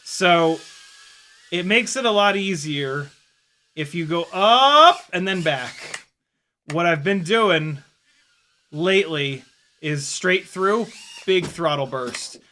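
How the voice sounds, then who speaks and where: Excitable young man narrating his drone flying. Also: a little high, slow, pauses often. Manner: excitable, laughs and exclaims often, swears casually. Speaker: FPV drone pilot and video host. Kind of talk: casual running commentary while flying.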